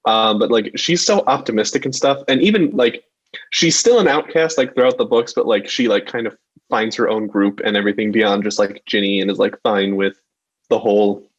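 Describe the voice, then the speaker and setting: A man's voice: fairly low pitch, fairly quick, muffled recording. A young man co-hosting a podcast, talking casually and rambling with many likes and restarts. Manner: rambling, hesitant, lots of likes. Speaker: podcast co-host. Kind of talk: casual chat.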